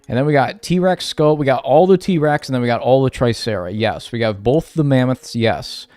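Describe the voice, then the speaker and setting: A man's voice: mid-range voice, moderate pace, darkish tone, no room sound. Man chatting on a livestream, game music. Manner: talks to chat, mock-serious rants. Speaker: streamer. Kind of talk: casual livestream chat.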